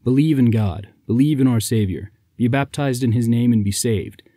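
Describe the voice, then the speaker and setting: A man voicing a calm, devout knight who speaks in a measured, reassuring way. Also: medium pitch, no room sound, clean studio sound, lightly acted. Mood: proclaiming.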